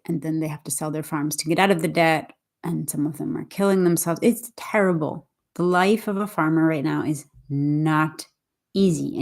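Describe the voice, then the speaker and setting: A woman's voice: sits low, a little mellow. A woman from Boston talking in a casual, earnest and rambling way, often restarting her sentences. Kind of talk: casual spoken reflection.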